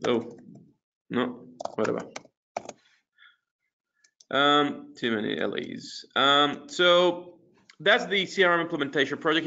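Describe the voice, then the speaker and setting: Gravelly man demoing software. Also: fairly high pitch, slight background noise. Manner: casual, many fillers and restarts while clicking through screens. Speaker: webinar presenter. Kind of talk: software demo walkthrough. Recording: dull lo-fi webinar audio.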